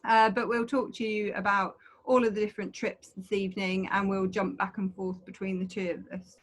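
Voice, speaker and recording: A woman's voice: mid-range voice, little pitch movement, brisk. A woman co-hosting an online adventure talk over a video call, chatty and rambling, with frequent fillers.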